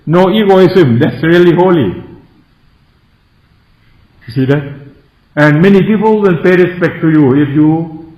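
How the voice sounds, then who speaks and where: Slow-speaking Thai monk giving a Dhamma talk. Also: male voice, medium pitch, darkish tone. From Thailand. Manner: simple broken English, keeps asking the listeners "you see?". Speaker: Buddhist monk teaching meditators. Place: meditation centre hall. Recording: echoey, dull lo-fi room recording.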